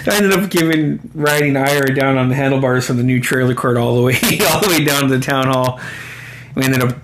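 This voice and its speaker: A man's voice: medium pitch, brisk, a little hiss or hum. A man in his forties telling rambling personal stories in a casual, profane way, with chuckles between lines. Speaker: storyteller. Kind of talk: casual spoken storytelling.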